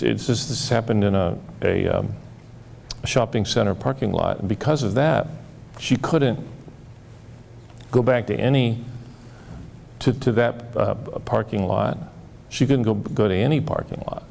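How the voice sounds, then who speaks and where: Male therapist, very gravelly low voice, mellow tone; halting storyteller, acts out dialogue. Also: a little hiss or hum. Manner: halting, repeats words, acts out quoted dialogue. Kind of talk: storytelling talk.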